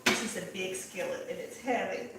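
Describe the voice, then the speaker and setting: Heavy noise and reverberation surround an older woman from Texas as she cooks in her home kitchen on a casual livestream, chatting with viewers and answering their comments. She has a Southern drawl and a mid-range voice with vocal fry, and speaks fairly quickly.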